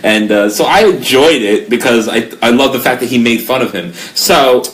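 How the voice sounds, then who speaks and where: A man's voice: medium pitch, normal speed. A man co-hosting a casual podcast, rambling and hesitant, with frequent fillers and swearing. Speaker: podcast co-host. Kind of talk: casual wrestling podcast chat.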